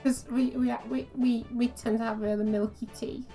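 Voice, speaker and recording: A woman's voice: fairly high pitch, level tone, normal speed, mellow. A woman chatting casually as she plays and comments on a game, laughing at herself, with faint music behind. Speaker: streamer.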